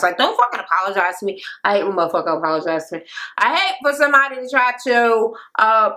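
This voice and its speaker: A woman's voice: fairly high pitch, animated, quick pace, pushed and bright. Blunt, cussing young woman ranting a recap. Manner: blunt and profane, heavy filler words. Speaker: reality TV recap vlogger. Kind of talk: casual recap rant. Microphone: camera mic.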